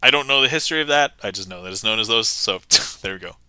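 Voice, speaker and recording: Bright, crisp-voiced man doing playful magic patter. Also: lowish voice, lively intonation, quick pace, no echo. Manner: playful, chatty, laughs often, thanks viewers by name. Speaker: livestream magician. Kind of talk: casual livestream patter.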